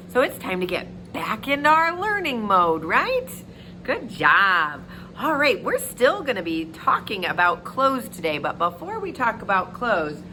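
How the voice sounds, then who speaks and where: A woman teaching young children in a virtual circle time lesson, talking in an exaggerated, sing-song teacher voice. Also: background noise. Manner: exaggerated, sing-song teacher talk with big pitch leaps. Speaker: preschool teacher.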